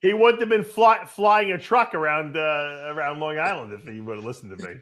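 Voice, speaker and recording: A man's voice: fairly high pitch, a little fast, a bit bright. A man hosting a casual chat, interjecting with short teasing remarks. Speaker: show host.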